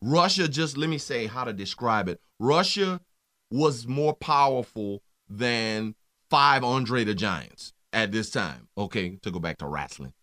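A man co-hosting a casual sports talk show, teasing his partner and telling stories in a lively way. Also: medium pitch, a little slow. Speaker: co-host.

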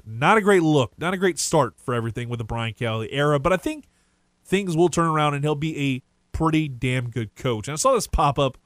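Radio guy ranting about football, kinda high voice, dry studio mic. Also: no echo. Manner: casual, rambling, animated opinions. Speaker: sports radio host. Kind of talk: sports talk radio monologue.

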